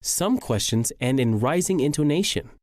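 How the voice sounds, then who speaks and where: A man narrating a scripted English lesson, reading slowly and clearly. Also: a little high, lively intonation, a little mellow, dry recording, clean studio sound. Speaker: English teacher.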